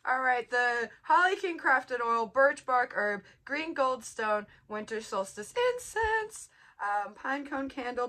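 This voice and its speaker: A woman chatting casually as she unboxes a subscription box, bubbly and gushing with excitement. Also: high-pitched, slow pace. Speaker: vlogger.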